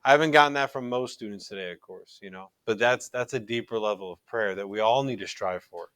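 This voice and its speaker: A man's voice: fairly low pitch, brisk, fairly bright tone, smooth, no echo. A middle-aged man teaching a recorded religion class in an earnest, conversational way, often restarting his sentences.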